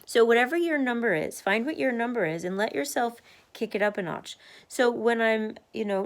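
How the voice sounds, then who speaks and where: A woman records a casual video diary at her desk at home. She is chatty and candid, laughs often, and keeps marching in place while she talks. Her voice sits at an ordinary middle pitch. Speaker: vlogger sharing a weight-loss journey.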